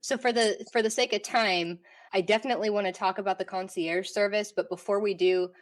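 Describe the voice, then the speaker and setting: A woman's voice: mid-range voice, steady tone, brisk. A woman hosting a podcast, asking questions and cracking playful jokes. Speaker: podcast host. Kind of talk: casual interviewing.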